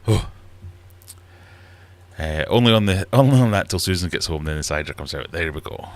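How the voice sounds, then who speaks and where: In a low-pitched, animated voice at a moderate pace, a middle-aged livestream host chats casually. He rambles and pokes fun at himself while sitting in a small, warm fish room at home.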